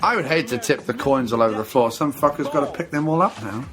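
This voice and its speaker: Jokey man over movie music. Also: medium pitch. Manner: jokey, mocking, quick to slip into silly voices. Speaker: podcast co-host. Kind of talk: casual movie commentary.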